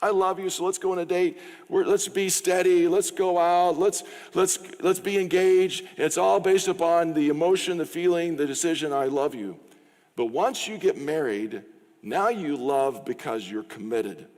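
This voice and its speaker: A man's voice: on the high side, normal speed, a little mellow. A middle-aged man preaching a sermon as pastor, in a conversational way, acting out short quoted exchanges. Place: church sanctuary. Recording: long reverb of a church hall.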